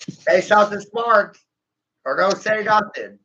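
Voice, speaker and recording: A man's voice: sits high, a little slow, pushed and bright, lo-fi sound, slight background noise. A man rambling through a vlog monologue, cursing, taunting his viewers and laughing at his own jokes.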